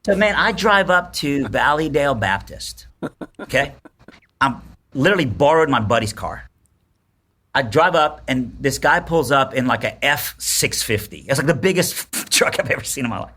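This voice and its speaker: A man in his forties tells a personal story in a casual podcast chat, bright and forceful in tone. He brings it to life by acting out what each person said. The pitch sits in the middle for a man. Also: normal speed. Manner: animated storyteller, acts out quotes. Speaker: podcast guest.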